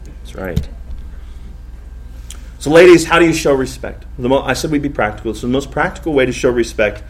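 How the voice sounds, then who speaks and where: A pastor in his thirties preaching a sermon in a lively, conversational way, often repeating himself. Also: medium pitch, brisk. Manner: animated, conversational preaching with repetitions.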